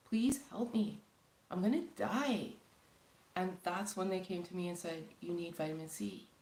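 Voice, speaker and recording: A woman from Canada speaks on a casual live stream, earnest and pleading, with rambling sentences full of fillers. Her voice sits a little low, and it rings in an echoey room. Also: vocal fry, darkish tone. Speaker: spiritual channel host.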